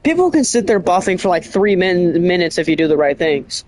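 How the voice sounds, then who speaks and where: Rambling, excitable game streamer. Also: medium pitch, fairly quick, slight background noise. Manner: rambling, excitable, keeps restarting and correcting itself; animated storytelling with bursts of laughter. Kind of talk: casual streaming chat.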